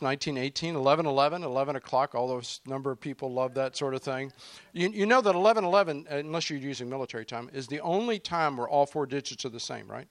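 A middle-aged man leading a congregation gathering, telling anecdotes casually with a halting, chuckling delivery and many fillers. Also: fairly high pitch, fairly bright tone, dry recording.

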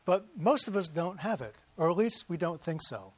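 In a dry recording that is close with almost no room around it, a pastor with a high voice preaches casually. He keeps addressing his congregation with rhetorical questions and fast, offhand asides.

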